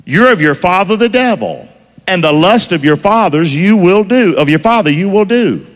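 A man's voice: high-pitched, very animated, normal speed, long reverb tail. A man preaching a sermon in a call-and-response style, firing questions for the congregation to answer. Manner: call-and-response preaching, asks the crowd to finish lines.

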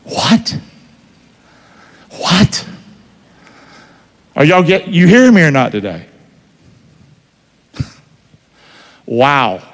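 A man preaching a sermon in a church, folksy, quizzing the congregation and swinging between loud and hushed. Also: sits high. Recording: reverberant church hall.

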